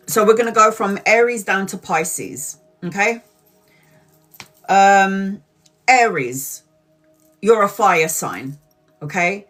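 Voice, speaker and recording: A woman, a tarot reader, chatting casually on a live stream and telling stories with frequent laughter and the odd swear word. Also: mid-range voice. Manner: animated storytelling, laughs often, swears casually.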